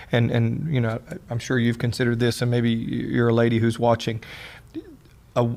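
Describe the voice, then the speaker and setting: A middle-aged man co-hosting a casual talk on marriage, earnest and often halting over repeated words. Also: mid-range voice, vocal fry. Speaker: podcast co-host, husband. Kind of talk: casual conversation about marriage.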